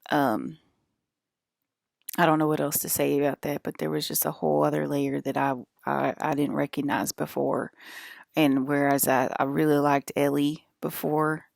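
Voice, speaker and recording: A woman's voice: low voice, fairly even intonation, moderate pace, creaky, a little mellow, dry recording, studio quality. A woman in a casual, rambling monologue, swearing freely and filling her speech with "like" and "um.". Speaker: vlogger.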